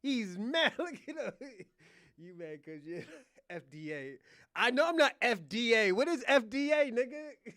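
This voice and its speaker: A man's voice: extremely high pitch, animated, measured pace, a bit bright, dry recording, studio quality. A man hosting a casual livestream rant, mocking someone, laughing often and repeating himself. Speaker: livestream host.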